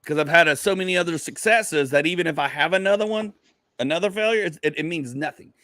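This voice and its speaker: A man's voice: on the high side, fast, very noisy. A man hosting a casual podcast chat as a comedian, talking bluntly and emphatically. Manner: emphatic, blunt motivational talk. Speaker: comedian host.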